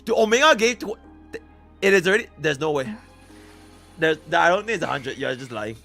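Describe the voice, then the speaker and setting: A young man from Singapore streaming live, chatting casually with his viewers and swinging between low mumbles and excited shouts. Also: brisk, creaky, faint music behind. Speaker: livestreamer.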